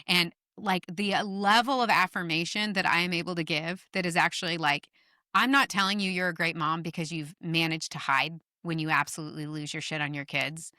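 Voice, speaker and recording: A middle-aged woman guest on a podcast, telling stories in an animated, emphatic way and swearing casually. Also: on the low side, brisk, dry recording, clean studio sound. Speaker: guest author. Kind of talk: podcast conversation.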